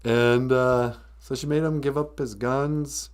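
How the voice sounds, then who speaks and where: A man's voice: mid-range voice, fairly even intonation, slow pace, clear, resonant tone. A man hosting a live-stream podcast, rambling through a sarcastic, mock-grumpy comedic rant. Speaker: podcast host.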